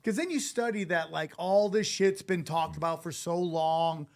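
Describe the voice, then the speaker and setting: A man hosting a podcast in casual chat, joking and telling animated stories. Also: fairly high pitch, normal speed, gravelly. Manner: animated, jokey storyteller who mimics others. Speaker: podcast host.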